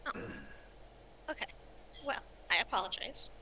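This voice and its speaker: A woman's voice: moderate pace, pushed and bright, slight background noise. A woman chatting bluntly and casually as a player in a tabletop game.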